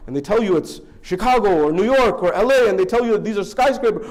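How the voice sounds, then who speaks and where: A man preaching a sermon in a fairly high, animated voice. He tells the story in waves, dropping low and quiet and then rising sharply, and he acts out the excited questions of the people in it. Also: quick pace, hardly any pauses. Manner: storytelling with sweeping rises and drops in pitch and volume; acts out dialogue in an excited raised voice. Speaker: speaker at a religious gathering.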